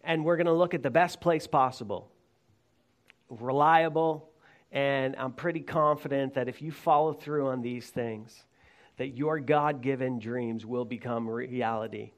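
A man's voice: mid-range voice, unhurried. A man preaching a sermon to his congregation, talking conversationally and joking with them. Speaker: pastor. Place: church.

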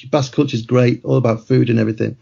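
A middle-aged man spins loose, rambling anecdotes in casual conversation. His voice is mellow and gravelly with a husky edge. The audio is muffled and lo-fi. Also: mid-range voice, fairly even intonation, fast talker. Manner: rambling anecdotal storyteller, laughs mid-sentence. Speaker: guest author.

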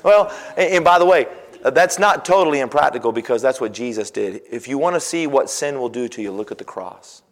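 A man preaching a sermon, telling homey stories and swinging from soft, low asides to loud, exclaiming passages. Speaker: pastor.

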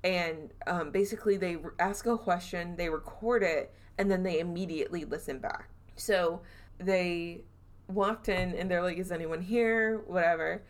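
Southern lady podcast host, lowish voice, chatty and animated, acts out the quotes. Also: normal speed. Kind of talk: casual storytelling chat.

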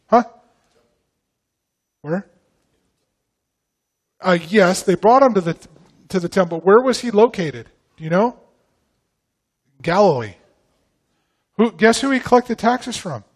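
A man's voice: high-pitched, a little mellow. A man from the northern United States, a guest pastor giving a sermon in a casual, conversational way and putting questions to the congregation.

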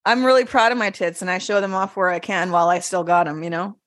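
A woman's voice: lowish voice, fairly even intonation, quick pace, a bit bright, no room sound, clean studio sound. A woman co-hosting a podcast in casual chat, playful and giggly with bawdy jokes. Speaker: podcast co-host.

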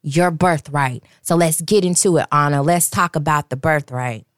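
A woman's voice: deep voice, moderate pace, no echo, clean studio sound. A woman co-hosting a faith podcast, exuberant and preacherly, reading scripture and encouraging listeners. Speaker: podcast co-host.

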